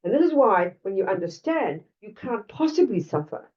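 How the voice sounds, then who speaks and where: A woman's voice: mid-range voice, big pitch swings, moderate pace. An older Australian woman giving a Buddhist dharma talk in a blunt, conversational way, full of asides to her listeners. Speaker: Buddhist teacher. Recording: lo-fi, distant mic.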